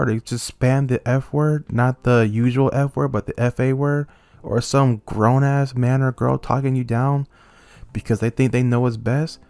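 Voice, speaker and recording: A man's voice: mid-range voice, no echo. A young man vents in an unscripted commentary rant, his voice climbing into angry outbursts and then settling back down. His mid-range voice sits close to the mic in a dry, dead room. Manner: heated, swinging between angry outbursts and calm. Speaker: YouTuber. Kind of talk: ranting commentary.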